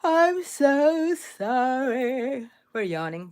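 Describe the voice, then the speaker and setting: A middle-aged woman runs a live crochet session, her speech slow and unhurried. She chats warmly with viewers in between, then drops to a quiet murmur to count each stitch out loud. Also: mid-range voice. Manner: chatty, counts stitches aloud softly. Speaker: crochet channel host. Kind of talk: live crochet stream chat.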